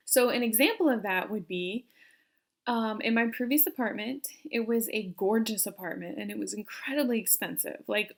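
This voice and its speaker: A young woman coaching viewers in a self-help video, talking earnestly and asking them questions. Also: a little high. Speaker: personality coach. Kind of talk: direct-to-camera self-help talk.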